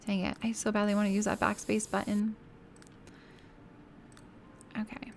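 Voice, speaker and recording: A woman's voice: mid-range voice, monotone, moderate pace, vocal fry, a little hiss or hum. A woman game streamer chatting casually and giggling with her viewers while she builds in a game.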